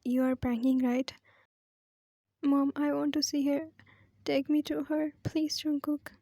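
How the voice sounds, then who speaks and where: A woman's voice: sits high, flat delivery, a little slow, warm tone, no room sound, studio quality. A woman voicing a distraught young woman, pleading and defiant in turn.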